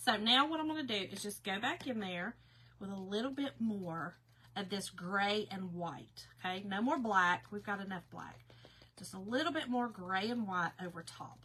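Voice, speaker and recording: A woman's voice: medium pitch, normal speed, a bit bright, a little hiss or hum. A woman hosting a casual craft livestream, chatting to viewers and reading their comments aloud, stumbling over words because her mouth is sore.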